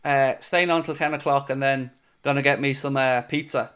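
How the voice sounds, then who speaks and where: A young Irish man hosting a live football fan stream, chatting casually and reading comments with animated, playfully defiant energy. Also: mid-range voice, moderate pace, smooth. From Ireland. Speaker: fan channel host reading live chat.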